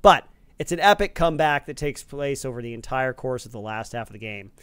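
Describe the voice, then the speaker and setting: Dude cohosting a podcast, smooth voice, dry close mic, laughs a lot. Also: male voice, medium pitch, animated, fairly quick, fairly bright tone, no room sound. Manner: enthusiastic, laughs easily. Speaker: co-host. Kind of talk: casual podcast banter.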